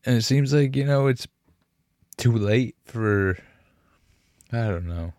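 A young man from Canada hosting a podcast, talking candidly and emotionally in halting, profane speech full of fillers and restarts, with frequent sighs. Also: medium pitch, lively intonation, a little mellow, dry recording, clean studio sound. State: emotional, sighing. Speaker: podcast host.

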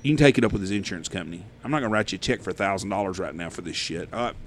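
A man, hosting a podcast and telling profane, animated stories in casual chat. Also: deep voice, rapid-fire, slight background noise. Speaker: podcast host. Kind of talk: casual storytelling.

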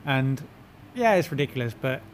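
A man's voice: medium pitch, lively intonation, moderate pace, slight background noise. A man in casual chat, rambling with lots of fillers and mock-boastful asides.

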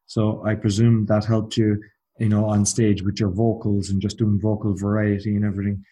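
A man's voice: fairly low pitch, monotone, moderate pace, mellow. A man hosting a podcast interview, speaking with frequent hesitations. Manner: hesitant, many "uh" fillers. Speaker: podcast host.

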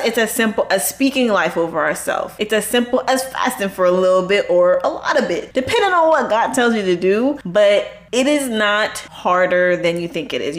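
A woman hosting a faith podcast who gives an earnest, conversational testimony and urges listeners on. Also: mid-range voice. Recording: echoey room.

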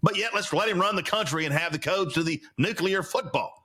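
A man's voice: sits high, a little fast, pushed and bright, a little hiss or hum. A man hosting a solo podcast, ranting indignantly about the news with lots of stammered restarts. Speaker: podcast host. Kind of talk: opinionated solo commentary.

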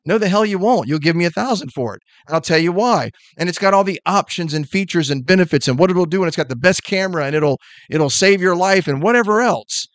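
A middle-aged man rattles off blunt, emphatic sales advice at high speed, like a motivational podcast host. His voice sits fairly high for a man. The sound is dry, with no room echo. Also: fairly quick. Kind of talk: energetic motivational talk.

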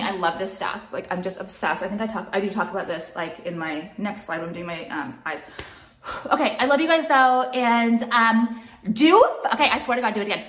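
At home, a woman makeup vlogger rants in an exasperated, profane way, slipping "like" into almost every sentence. Her voice is medium in pitch and slightly bright, and the recording is reverberant.

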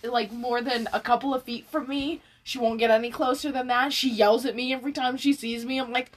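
A woman's voice: fairly high pitch, steady tone. A young woman co-hosting a podcast in casual comedic chat, swearing freely and laughing often. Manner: swears freely, laughs often, puts on quick silly voices. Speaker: podcast co-host.

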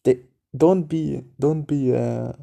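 A man's voice: medium pitch, steady tone, takes it slowly, creaky, warm tone. A man hosting a podcast, giving casual dating advice in a direct, repetitive coaching manner. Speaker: podcast host.

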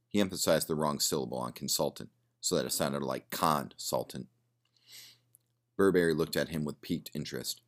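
A man reading a story aloud in plain, steady narration. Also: a bass voice, normal speed.

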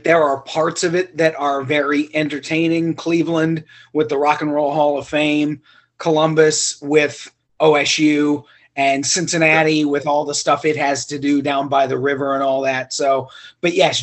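A man's voice: fairly high pitch, level tone, measured pace. A man from Ohio co-hosting a casual sports podcast, dry and matter-of-fact with small hesitations. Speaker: podcast co-host.

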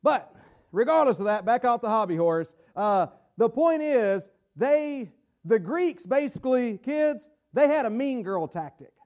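A man's voice: very high-pitched, big pitch swings, a little slow, darkish tone. A man with a Southern American accent preaching a sermon, folksy and digressive, breaking into emphatic bursts. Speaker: pastor.

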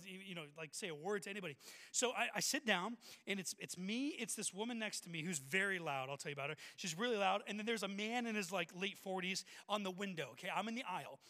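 Fast high-voiced young pastor in a hall. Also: male voice. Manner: energetic storyteller, acts out voices of people in the story. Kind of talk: sermon with a personal story. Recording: long hall reverb.

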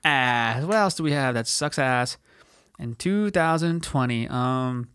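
A man's voice: medium pitch, lively intonation, a little slow, fairly bright tone, clear, resonant tone, dry recording. Profane rambling young man with a dry sound. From California. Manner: profane, rambling, says dude constantly. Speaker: podcast host. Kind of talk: casual solo podcast rant.

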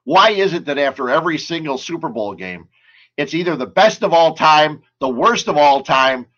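A man's voice: a little high, animated, moderate pace, a bit bright, muffled recording. A man hosting a casual sports and beer talk show, rambling and chatty, full of asides and stories.

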